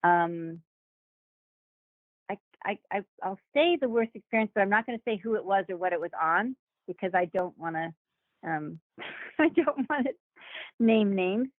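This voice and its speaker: Animated woman telling an anecdote. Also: medium pitch, measured pace, pauses often, no echo. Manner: animated, acts out quoted voices with laughs. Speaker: guest actor. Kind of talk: casual interview storytelling. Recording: dry, phone-like remote call audio.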